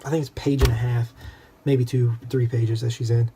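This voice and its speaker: A man's voice: medium pitch, level tone, moderate pace, mellow, a little hiss or hum. A young man in a casual, rambling book discussion, full of self-deprecating asides. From United States.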